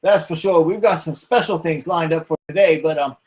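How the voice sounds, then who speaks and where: A man's voice: fairly high pitch, a little fast, darkish tone, natural voice. A man doing a wary, stammering village father. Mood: falsely friendly. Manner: stammering, curt, eager to send strangers off.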